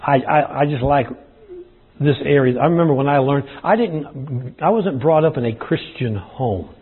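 A man's voice: mid-range voice, expressive, normal speed, breathy edge. A man preaching a sermon to his congregation, folksy and plain-spoken, addressing them as y'all, with a dry throat. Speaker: pastor. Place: church service. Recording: tinny phone-like sound.

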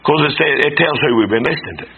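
A man's voice: medium pitch, animated, fast. A man preaching a sermon, swinging his delivery up and down and firing rhetorical questions at the congregation. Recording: tinny phone-like broadcast sound with faint noise.

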